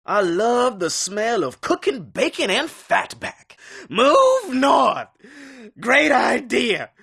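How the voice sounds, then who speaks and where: A husky, genteel frontier musician in a Western video game. He talks in quaint old-time slang with courtly politeness, and his pitch swings lively up and down. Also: slow pace, exaggerated voice. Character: genteel, folksy male Old West saloon musician. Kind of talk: video game character barks.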